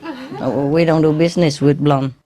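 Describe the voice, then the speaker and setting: A woman doing a deadpan male salesman. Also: deep voice, moderate pace, faint music behind.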